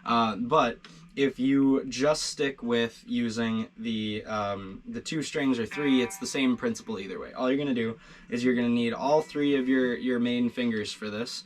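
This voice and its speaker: Teaching beginner guitar licks in a casual video, a man with a mid-range voice speaks a little slowly. He stays relaxed and supportive, with many fillers and false starts.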